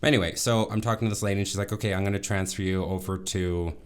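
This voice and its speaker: Man in his thirties, very low voice, casual vlog storytelling, rambling, self-correcting. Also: fairly even intonation, rapid-fire, smooth. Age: 30s. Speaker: vlogger.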